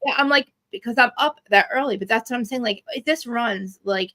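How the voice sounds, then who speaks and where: A woman with a New Jersey accent, chatting as a podcaster guest on a video call, animated and laughing, swearing freely. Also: a little high, brisk. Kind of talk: casual chat.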